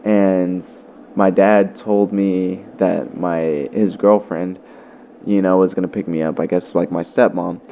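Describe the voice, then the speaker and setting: A man's voice: low voice, fairly even intonation, takes it slowly, creaky, lo-fi sound, a little hiss or hum. A young man vlogger telling a story in a loose, profane way, full of fillers. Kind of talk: casual storytelling.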